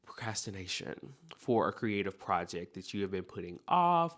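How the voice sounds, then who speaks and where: A man hosting a self-help podcast, talking straight to the listener in an animated, encouraging way. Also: lowish voice. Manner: animated, speaks straight to the listener with repeated okays. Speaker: podcast host.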